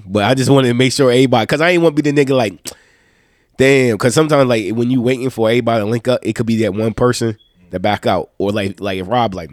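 A man's voice: on the low side, fast talker, no room sound, clean studio sound. A man hosting a casual podcast chat while sick with a stuffed-up nose, telling loose, profane stories. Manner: loose, profane, animated storytelling. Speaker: podcast host.

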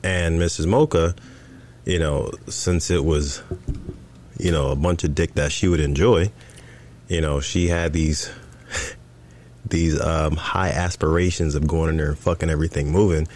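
A man's voice: extremely low pitch, measured pace, pauses often. A man co-hosting a podcast, telling a story in casual chat and acting out what was said. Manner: animated storyteller, acts out quoted dialogue. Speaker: podcast co-host.

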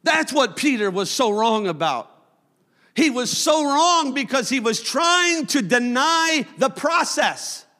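A man preaching a sermon as pastor, with impassioned delivery that swells into shouts. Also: very high voice, very animated, slow pace. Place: church sanctuary. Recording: long church hall reverb.

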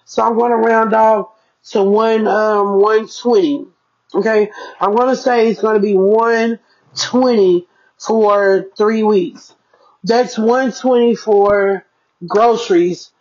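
Chatty mom vlogger, dull lo-fi sound. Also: female voice, medium pitch, steady tone, slow, a little mellow. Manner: chatty, talks straight to viewers, keeps checking in. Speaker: parenting vlogger. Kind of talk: casual budgeting vlog.

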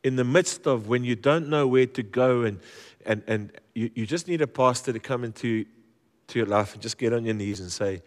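A man preaching a storytelling sermon in a church, lively and joking, often repeating his words. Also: medium pitch, moderate pace. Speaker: guest preacher. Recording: long hall reverb.

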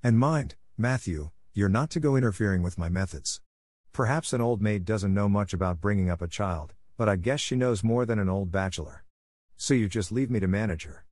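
A man's voice: on the low side, darkish tone, no room sound, studio quality, natural voice. Stern old spinster, read by a man. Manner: brisk, scolding. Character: stern strict spinster woman, older, sharp-tongued.

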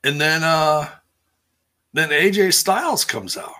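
A man chatting casually on a live stream, taking his time with an unhurried pace. His voice is bright and forward, and he rambles with plenty of "um"s and restarts, stopping now and then to answer viewer comments. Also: a little high. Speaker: live stream host recapping wrestling. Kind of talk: casual chat.

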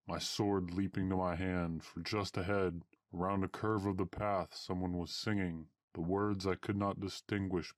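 A man narrating a story in a measured, old-fashioned storytelling manner. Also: low-pitched, no echo.

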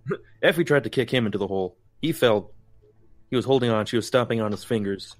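A man playing in a tabletop game, explaining things in a rushed, rambling way. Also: medium pitch. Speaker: player. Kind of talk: in-character tabletop chat.

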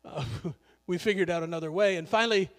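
A man's voice: sits high, brisk, big-room sound. A male pastor preaching a sermon in a conversational, joking way, laughing often.

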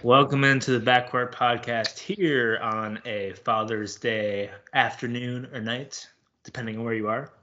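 A man's voice: medium pitch, fairly even intonation, unhurried, bright, forceful tone. A young man hosting a sports podcast, chatting casually and rambling with lots of fillers. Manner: loose and rambling, many fillers. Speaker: podcast host. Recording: dull lo-fi podcast audio.

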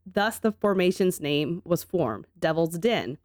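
A woman co-hosting a podcast in a casual, chatty way, quick to laugh and to swear. Her voice sits low, and the sound is dry and close to the mic. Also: animated, a little mellow, no room sound. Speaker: podcast co-host. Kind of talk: casual chat.

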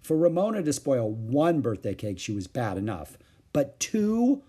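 A man reads a children's book aloud with expressive storytelling. His voice is slightly husky and his pitch moves a great deal, lively with each turn of the story. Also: moderate pace. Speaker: storybook reader.

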